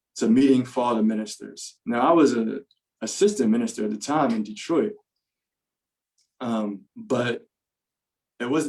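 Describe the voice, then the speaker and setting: A man, a podcast guest, casually telling a story in an animated way, laughing often and filling his talk with "like" and "you know". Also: medium pitch, vocal fry, low-quality recording.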